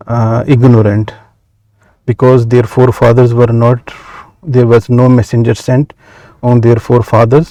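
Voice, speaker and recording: Slow-paced man teaching Arabic grammar. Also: mid-range voice, mellow, no echo. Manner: measured, many "uh" pauses, slow deliberate explanation. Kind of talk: explaining grammar from a workbook.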